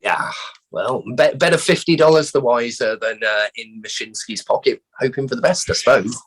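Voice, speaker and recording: A man's voice: mid-range voice, normal speed, husky, poor audio. A man with an English accent hosting a podcast quiz in casual chat, chatty and prone to stammering restarts. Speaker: quiz host.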